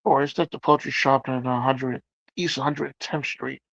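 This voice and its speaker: A man hosting a livestream, chatting casually as he reads out viewer comments and reacts to them with loud exclamations. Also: mid-range voice, fairly even intonation, moderate pace, gravelly, dry recording, dull audio. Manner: exclamatory, reacting aloud to chat. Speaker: livestream host.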